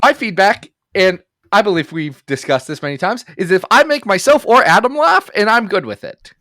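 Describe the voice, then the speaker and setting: Lively, jokey male podcast co-host. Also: sits high, moderate pace, dry recording, studio quality. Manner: jokey, animated, riffs on bits and voices. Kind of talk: casual chat.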